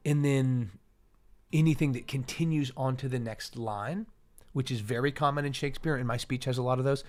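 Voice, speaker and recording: A man's voice: mid-range voice, moderate pace, darkish tone. A man, hosting a casual chat and eagerly explaining how to read Shakespeare verse. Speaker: host.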